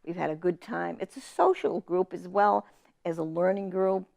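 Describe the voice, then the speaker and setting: A woman's voice: lowish voice, moderate pace, vocal fry. A woman from Massachusetts, an author telling family stories in a casual interview, acting out the people she quotes. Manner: animated storyteller, quotes family in lively voices. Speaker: author guest.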